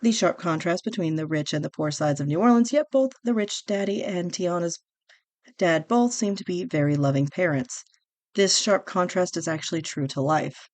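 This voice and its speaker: A woman's voice: fairly low pitch, darkish tone, no room sound. A woman hosting a podcast, talking in an earnest, semi-scripted way and reading on-screen text aloud. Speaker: podcast host. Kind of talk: casual scripted commentary.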